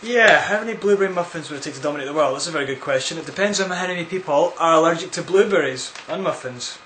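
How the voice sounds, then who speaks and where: A man's voice: a little high, fast, fairly bright tone, a little hiss or hum. Rambling jokey man, echoey room. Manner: jokey, rambling, crude absurd humour. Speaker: vlogger answering viewer questions. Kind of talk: casual rambling Q&A vlog.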